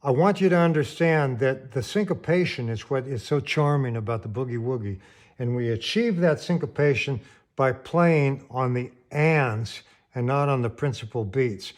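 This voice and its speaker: With piano playing in the background, a male teacher of medium pitch and moderate pace counts out the beats and describes rhythm in plain language during a lesson.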